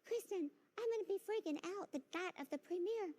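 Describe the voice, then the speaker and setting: A woman guest in an interview, telling stories animatedly and acting out quotes in a high squeal. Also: fairly quick, mellow. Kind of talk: interview anecdote.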